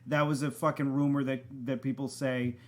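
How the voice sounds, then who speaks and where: A man's voice: medium pitch, level tone, fairly quick. A man from the area, co-hosting a casual chat podcast in a rambling, profane, self-mocking way. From Boston area, Massachusetts. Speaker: podcast co-host.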